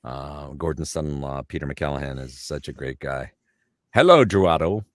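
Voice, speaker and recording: Deep-voiced Canadian voice actor. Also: male voice, little pitch movement, normal speed, no echo, clean studio sound. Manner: rambling, anecdotal, name-dropping with frequent fillers. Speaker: voice actor guest. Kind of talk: casual interview chat.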